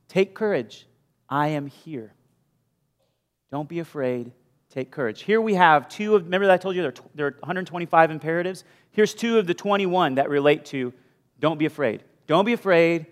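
A male pastor preaching a sermon with animated storytelling, moving from loud bursts to hushed asides. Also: a little high, a little fast. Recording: long hall reverb.

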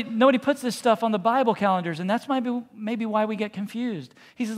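A man preaching a sermon as pastor, talking casually and with humor, then softening to quiet, hushed repetitions. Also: high voice, a little fast, few pauses. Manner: conversational, joking preaching that drops to soft, hushed repetitions. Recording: long reverb in a large hall.

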